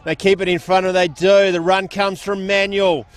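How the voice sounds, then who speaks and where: A man's voice: sits high, flat delivery, normal speed. Folksy Australian man calling country footy. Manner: chatty, folksy calls with local slang. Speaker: football commentator. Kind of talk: live play-by-play commentary. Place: outdoors at a country football ground.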